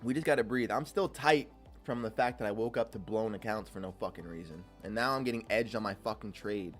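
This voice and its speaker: A man streaming live trades, talking to the market, reading chat aloud and swinging between loud cursing outbursts and low muttering. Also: a little fast, soft background music.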